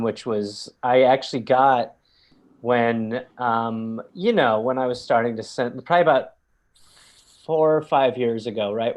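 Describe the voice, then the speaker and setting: A man speaks in a middle register, trading wry, deadpan jokes as a guest in a casual comedic chat. He is heard through a video call. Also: medium pitch.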